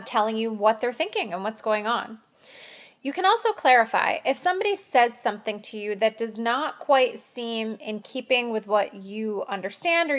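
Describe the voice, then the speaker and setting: A woman's voice: on the high side, fairly bright tone. Woman lecturing on interview questions. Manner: clear, explanatory, with example phrases acted out. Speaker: nursing instructor. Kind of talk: recorded lecture. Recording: dull lo-fi lecture audio.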